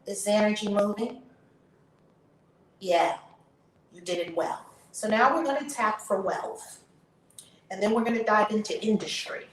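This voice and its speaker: A woman hosting her channel, leading a guided tapping session with slow, drawn-out chanted affirmations that turn breathy and emphatic. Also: mid-range voice. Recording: echoey room, distant mic, faint noise.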